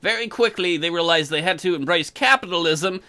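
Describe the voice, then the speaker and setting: A man's voice: high-pitched, a little fast. Sarcastic young man doing game commentary. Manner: sarcastic, crude, deadpan asides. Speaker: let's play host. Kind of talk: crude comedic game commentary.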